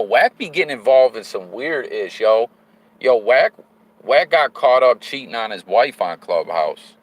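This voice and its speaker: In a rough recording, a low-voiced man runs a livestream from his moving car. He chats casually, reads viewer comments aloud, and mixes lots of slang with sudden hyped outbursts.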